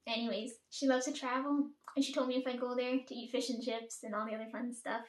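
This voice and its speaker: Chatty woman, roomy echo. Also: fairly high pitch. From Caribbean. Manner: chatty, profane, fillers "like" and "right?". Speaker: storyteller. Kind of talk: casual storytime chat.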